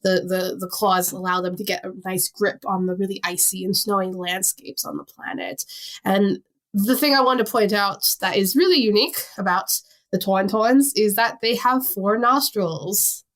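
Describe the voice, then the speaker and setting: A woman with a Long Island New York accent, co-hosting a casual podcast chat in an animated, chatty way. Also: medium pitch, normal speed. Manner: chatty, animated, laughs easily. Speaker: podcast co-host.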